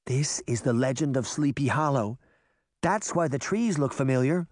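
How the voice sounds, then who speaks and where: A man voicing an excitable little girl, eager and chattery, in an audiobook. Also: mid-range voice, moderate pace, dry recording, clean studio sound, natural voice.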